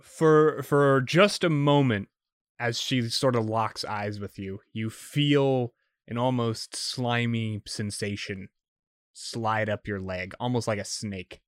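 A man's voice: medium pitch, steady tone, slow pace, no echo, clean studio sound. A man narrating as game master of a tabletop role-playing game, loose and full of hedging fillers.

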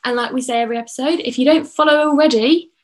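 A woman's voice: sits high, quick pace. A young woman co-hosting a casual podcast, giggly and upbeat in banter. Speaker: podcast co-host. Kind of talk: casual chat.

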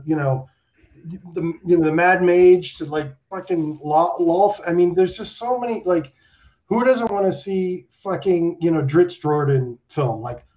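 A man talking in a casual video-call chat, animated and rambling, swearing freely with lots of fillers. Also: on the high side, lo-fi sound. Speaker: animation director, guest.

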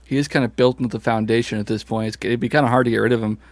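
A man's voice: mid-range voice, fairly even intonation, racing, no echo. A young man co-hosting a podcast in casual, laugh-filled chat, swearing easily. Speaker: podcast co-host.

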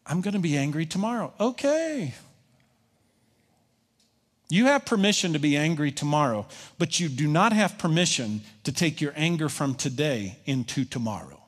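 A man's voice: medium pitch, long reverb tail. A pastor preaching a conversational sermon, voicing his listeners' objections and answering them.

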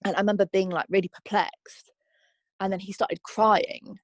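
A woman's voice: mid-range voice, flat delivery, moderate pace, dry recording. Candid young woman, dry close sound. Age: young adult. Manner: candid, reflective, with frequent ums and likes. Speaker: interviewee. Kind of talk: personal testimony interview.

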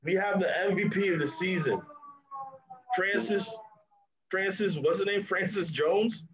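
A man co-hosting a TV review podcast, talking casually in an animated, mocking way and laughing often. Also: sits high, unhurried, crowd noise, rough recording. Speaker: podcast co-host reviewing a TV episode.

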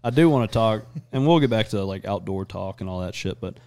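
A man hosting a podcast, chatting casually and crudely, rambling fast between jokes. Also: on the low side, animated, warm tone, clear, resonant tone, no room sound. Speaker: podcast host. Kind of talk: casual chat.

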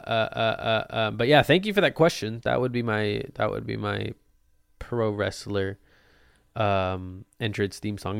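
A man's voice: medium pitch, creaky, clean tone, no echo, clean studio sound. A young man hosting a casual solo podcast, answering listener questions in a loose, jokey way and swearing freely. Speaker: podcast host. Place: Portland.

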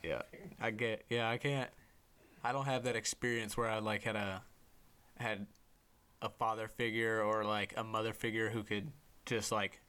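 A man's voice: on the low side, flat delivery, moderate pace, bright, forceful tone, clean tone. A man hosting a casual chat, telling stories animatedly, swearing freely and acting out other people's voices. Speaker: host.

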